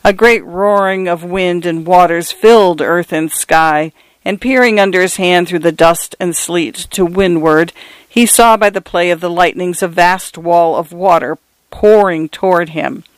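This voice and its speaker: Smooth, measured male storyteller. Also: high voice, no echo. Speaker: narrator. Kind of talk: scripted story narration.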